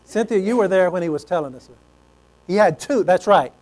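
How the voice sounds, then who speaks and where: A man's voice: high-pitched, animated, fairly quick, a little mellow, rough recording. A man preaching a sermon in a folksy, conversational storytelling way.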